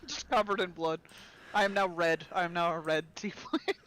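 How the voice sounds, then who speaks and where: A man's voice: sits high, fairly even intonation, normal speed, sharp tone, clean tone. A man playing a tabletop role-playing game, talking casually with hesitant fillers and jokes. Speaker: player.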